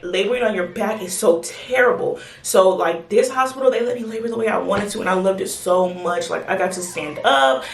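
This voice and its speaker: Excited chatty woman in echoey bathroom. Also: medium pitch. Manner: excited, chatty, acts out quoted voices. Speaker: vlogger telling her birth story. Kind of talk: casual storytelling to camera. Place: home bathroom.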